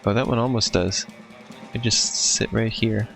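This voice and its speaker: A man streaming a video game, thinking aloud and reacting quickly as he plays. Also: fairly low pitch, steady tone, vocal fry, a bit bright, soft background music. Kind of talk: casual gameplay commentary.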